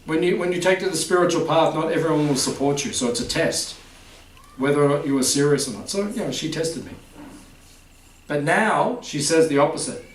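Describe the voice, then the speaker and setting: A spiritual teacher gives an informal talk to a live audience in a festival hall, his slightly high voice moving a little fast. He's chatty and quizzes listeners with repeated "huh?". The distant mic picks up a roomy hall sound.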